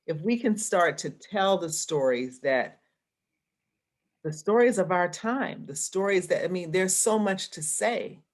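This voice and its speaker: A woman's voice: on the low side, expressive, measured pace. A woman guest in an interview, an arts association president, speaking reflectively and thinking aloud with restarts. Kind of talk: conversational interview.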